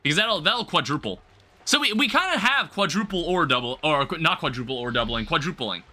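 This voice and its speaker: A man with a fairly high, animated, sharp voice talks a little fast while livestreaming a game. His commentary to viewers is casual and rambling; he corrects himself often and throws in the occasional light swear.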